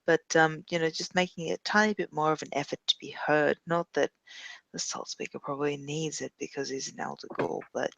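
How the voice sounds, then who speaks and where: A man playing a tabletop game, narrating his character's actions in a measured, dry way. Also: fairly high pitch, creaky, pushed and bright, dry recording, highs cut off. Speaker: player.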